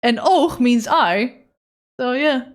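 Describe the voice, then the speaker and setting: A woman's voice: high-pitched, expressive, slow pace. Playful joking woman streaming her drawing. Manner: playful, joking, swears freely, talks to chat. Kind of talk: casual live-stream chat.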